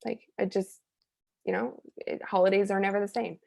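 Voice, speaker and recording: A woman's voice: mid-range voice, fairly even intonation, normal speed, creaky, mellow. A woman being interviewed as a hypnotherapist and coach, telling personal stories in a candid, rambling way full of "like" and restarts. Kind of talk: conversational storytelling in an interview.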